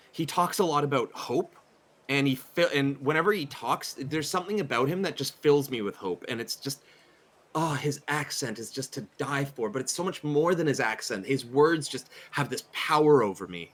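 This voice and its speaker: A man voicing an excitable, effusive woman who gushes about her church, halting with many fillers. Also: medium pitch. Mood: gushing. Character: gushing, excitable female churchgoer friend.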